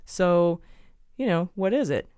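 A woman's voice: fairly low pitch, animated, unhurried, dark tone, clear, resonant tone, no echo, clean studio sound. A woman hosting a podcast, chatting wryly and laughing often. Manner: chatty and wry, with frequent laughs. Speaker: podcast host. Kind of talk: casual podcast banter.

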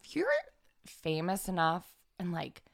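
A woman's voice: lowish voice, measured pace, gravelly. A young woman from Northern California, a podcast guest chatting with lots of giggles. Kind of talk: casual chat.

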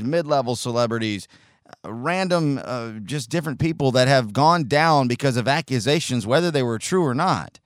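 A man's voice: medium pitch, no echo, clean studio sound. A man hosting a podcast, giving a rambling, self-deprecating and profane opinion monologue in a casual way. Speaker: podcast host.

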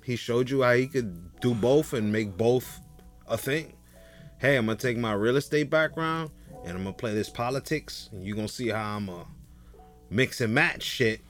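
A man co-hosting a podcast in relaxed, joking chat. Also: mid-range voice, normal speed, faint music behind. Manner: laid-back, joking, chuckles between lines. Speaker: podcast co-host.

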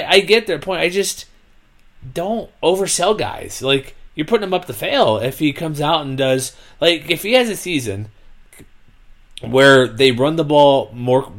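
Animated young-sounding man ranting about football. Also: medium pitch. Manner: animated, exasperated, rambling with fillers. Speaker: sports podcast host. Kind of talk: casual sports talk.

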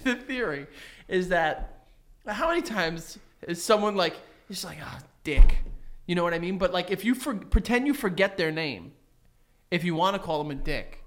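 A man's voice: sits high, animated, moderate pace, a bit bright. A man co-hosting a casual comedy podcast, telling stories in a rambling way, full of fillers. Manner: rambling, filler-heavy storytelling. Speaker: podcast co-host.

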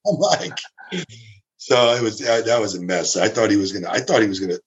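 A man casually telling a backstage story, animated and acting out the people he quotes. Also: fairly quick, highs cut off. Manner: animated, acts out quotes with big pitch jumps. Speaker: former ring crew member telling stories.

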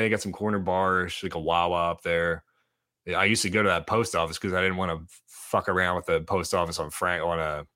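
A deep-voiced man, rambling through a story with plenty of "like" and "you know". His voice is very low, yet it comes across bright and forceful. The sound is close and dry. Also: no room sound. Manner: rambling, filler-heavy storytelling. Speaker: podcast co-host. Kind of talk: casual chat.

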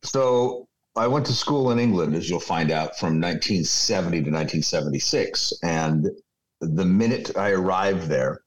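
Veteran radio man, 60s, lowish voice; loose, profane storyteller on a video call. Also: moderate pace, rough recording. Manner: rambling, profane anecdotes. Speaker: radio program director guest. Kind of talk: storytelling interview.

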